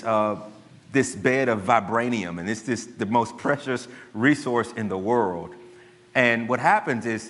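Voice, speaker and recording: A man's voice: mid-range voice, fairly bright tone. A man preaching a sermon, telling stories in a loose, conversational way with frequent restarts. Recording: long hall reverb.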